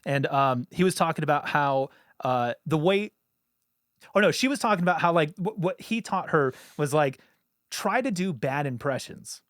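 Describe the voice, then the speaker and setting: A man's voice: a little high, expressive, fairly bright tone, no echo. A man co-hosting a studio podcast, talking in a loose, casual way with lots of fillers and the odd curse. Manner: loose, swearing, lots of filler words and quick asides. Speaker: podcast co-host. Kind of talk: casual chat.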